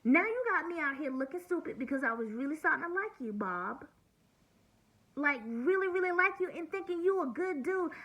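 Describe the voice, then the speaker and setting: Forties woman, vlog rant, sharp bright higher voice, blunt and cussing, hurting. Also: animated, normal speed, low-quality recording. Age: 40s. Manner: blunt, venting, heavy swearing. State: hurt and near tears. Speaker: vlogger. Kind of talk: emotional personal vlog monologue.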